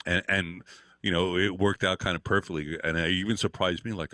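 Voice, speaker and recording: Very deep-voiced older man telling stories. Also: steady tone, brisk, pushed and bright, dry recording. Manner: rambling anecdotes with frequent fillers and swearing. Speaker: interview guest, guitar teacher. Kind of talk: casual storytelling.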